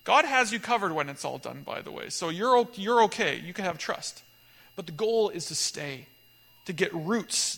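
Pastor guy preaching, high bright voice, big echoey hall, gets loud on the punchlines. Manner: earnest, animated storytelling with sudden loud emphatic peaks. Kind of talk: sermon.

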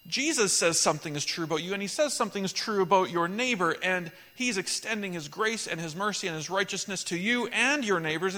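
A man's voice: sits high, pushed and bright. A man preaching a sermon as pastor, delivering emphatic, repetitive litanies. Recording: echoey hall.

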